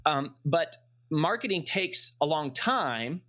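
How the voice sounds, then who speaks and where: A man hosts a relaxed interview, his voice sitting a little high. He asks long, rambling questions, padding them with fillers as he thinks aloud. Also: slow. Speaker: podcast host. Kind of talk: casual interview.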